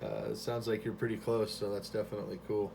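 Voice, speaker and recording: A man chatting on ham radio from his home station into a boom mic, relaxed and friendly with lots of fillers. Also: fast talker, vocal fry, background noise. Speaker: amateur radio operator. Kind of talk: ham radio contact chat.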